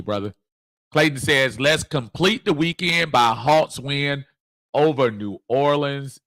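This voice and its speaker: A middle-aged man hosts a fan livestream, his voice bright and forceful. He talks in a lively, chuckling way as he reads off viewer comments and shouts people out. The sound is close and dry. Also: mid-range voice, no echo. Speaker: livestream host. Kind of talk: casual sports chat reading viewer comments.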